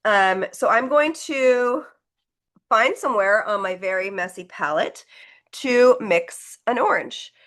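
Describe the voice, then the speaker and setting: A woman's voice: on the high side, expressive, takes it slowly, a bit bright. A woman leading a live online painting class, talking through each step in a chatty, encouraging way as she demonstrates. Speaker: painting instructor.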